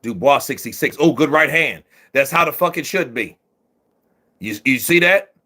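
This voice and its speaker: A man giving profane, excitable live commentary while watching a boxing match, often shouting at the referee. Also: mid-range voice, moderate pace, husky.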